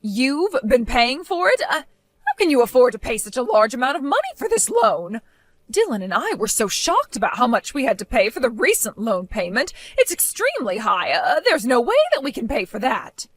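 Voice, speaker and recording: A woman's voice: on the high side, very animated, brisk, dry recording. Woman doing a bossy, scolding mother-in-law. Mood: alarmed. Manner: demanding, scolding. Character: bossy, controlling middle-aged mother-in-law. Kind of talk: animated storytime voice acting.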